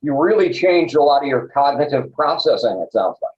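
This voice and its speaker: A man's voice: medium pitch, animated, fairly quick. A man hosting an interview, asking questions hesitantly with many fillers. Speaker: interviewer, host. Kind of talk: conversational interview. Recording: roomy, dull lo-fi audio.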